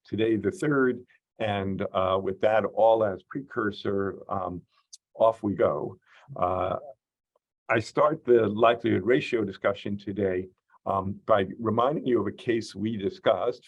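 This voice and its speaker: A man lectures his class over a video call, working through each point in a measured way with plenty of "um" and "uh" fillers. His voice is low and a little husky. The audio comes through dull and muffled. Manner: measured, explanatory, frequent "uh" and "um" fillers. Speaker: course instructor. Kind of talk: online lecture.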